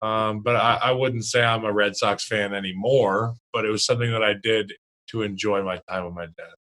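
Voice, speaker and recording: A man's voice: lowish voice, steady tone, normal speed, pushed and bright, rough recording. A young man co-hosting a podcast in casual chat, blunt and joking. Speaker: podcast co-host.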